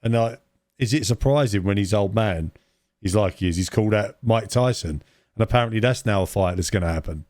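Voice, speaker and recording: A man's voice: fairly low pitch, fairly quick, a little mellow, dry recording, clean studio sound. A man co-hosting a podcast, rambling in casual chat, repeating words and adding tag questions. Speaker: podcast co-host.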